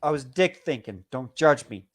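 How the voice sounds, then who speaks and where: A man's voice: medium pitch, expressive, normal speed, a little hiss or hum. A man calling in to a live show, telling a heated personal story with constant swearing. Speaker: caller. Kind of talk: casual call-in storytelling.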